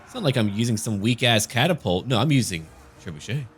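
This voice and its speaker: A man's voice: medium pitch, animated, fast talker. A man giving gameplay commentary as a gaming channel host, with dry, joking asides.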